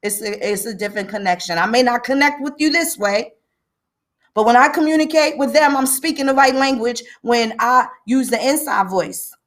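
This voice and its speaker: A woman's voice: on the high side, normal speed. A woman hosting a livestream, ranting emphatically with a lot of profanity and greeting viewers by name. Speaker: livestream host. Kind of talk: livestream commentary.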